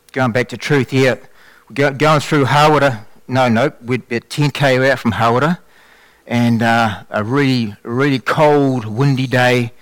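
A man telling a faith testimony in a sermon, with animated storytelling and frequent restarts. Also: mid-range voice, no echo. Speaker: lay preacher giving testimony.

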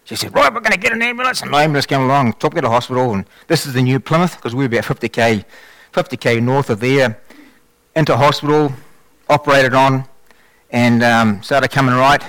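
Animated New man preaching testimony. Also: medium pitch, a little fast, dry recording. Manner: animated storytelling with many restarts. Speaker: lay preacher giving testimony. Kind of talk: sermon testimony.

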